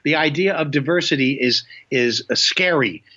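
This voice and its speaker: Bright-voiced older male comedian storyteller. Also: fairly high pitch, normal speed. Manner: animated storyteller, slips in impressions. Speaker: comedian guest. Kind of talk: casual chat. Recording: muffled lo-fi sound.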